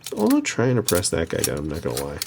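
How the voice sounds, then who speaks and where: A man's voice: sits low, huge pitch swings, fast talker, creaky, noisy background. A man casually thinking aloud as he tinkers with a machine, muttering and rambling to himself, recorded through a webcam microphone. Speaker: streamer tinkering with a VCR.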